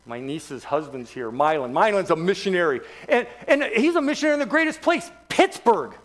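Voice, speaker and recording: A man's voice: high-pitched, sing-song, a little fast, a bit bright. A man in his sixties preaching an evangelistic sermon to a church congregation, joking and quizzing the crowd with rhetorical questions. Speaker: guest preacher.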